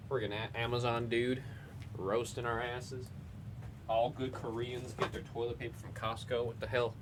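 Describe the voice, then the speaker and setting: A man in the middle of a card break, reading out the names on each card as it comes up. His voice sits at an everyday mid pitch, and a faint hiss runs under it. He rambles and jokes in a loose, casual way between the pulls. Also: flat delivery, normal speed. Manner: reads out player names as he goes. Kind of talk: live commentary while opening cards.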